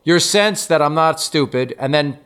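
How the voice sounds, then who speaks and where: A man's voice: on the high side, lively intonation, moderate pace, a bit bright, smooth. A man in his fifties hosting a casual interview, eagerly asking follow-up questions. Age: 50s. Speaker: podcast host.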